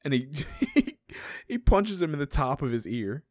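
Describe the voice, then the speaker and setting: A man's voice: fairly high pitch, very animated, measured pace, a little mellow, no echo, studio quality. A man casually recapping a book plot on a podcast, laughing often and swearing freely between fillers. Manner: laughing, profane, filler-heavy storytelling. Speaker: podcast co-host.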